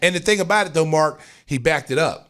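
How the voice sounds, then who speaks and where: A middle-aged man hosting a podcast, telling stories in a lively, casual way. He acts out what others said, with sudden jumps in pitch and loudness. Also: fairly quick. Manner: animated, acts out quotes with big jumps in pitch and volume. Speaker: podcast host and former pro player.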